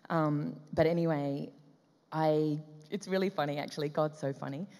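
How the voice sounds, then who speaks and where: An Australian woman guest telling stories in an interview, lively and acting out the dialogue as she goes. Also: low-pitched, moderate pace. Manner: lively, acts out dialogue in quotes, frequent laughs. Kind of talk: animated storytelling interview. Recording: long reverberant room sound.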